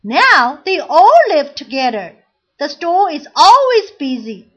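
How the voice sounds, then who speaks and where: A woman reading a children's storybook aloud, clear, deliberate and expressive. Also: sits high, lo-fi sound. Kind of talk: slow storybook read-aloud.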